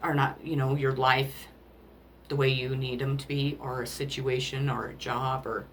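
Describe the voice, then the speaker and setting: A woman doing a spiritual card reading, emotional and rambling, often pausing to apologize as she talks to the listener about love. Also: extremely low pitch, little pitch movement, a little hiss or hum. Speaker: tarot card reader.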